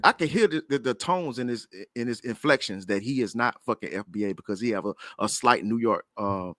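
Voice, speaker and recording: A man's voice: mid-range voice, fairly quick, few pauses, a bit bright, dry recording, clean studio sound. A man arguing in a heated online debate panel, blunt and profane, with many stammering restarts.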